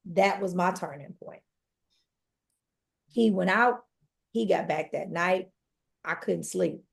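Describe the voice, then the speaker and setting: A woman's voice: fairly low pitch, slow pace, gravelly. A woman guest on a podcast, earnestly telling her own life story and speaking straight to the listeners. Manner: earnest, addresses listeners directly. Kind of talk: personal testimony storytelling.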